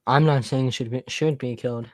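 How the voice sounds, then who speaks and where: A young man arguing as a guest in a heated debate, dismissive and taunting, with curt, flat replies. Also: medium pitch, moderate pace, over a noisy crowd.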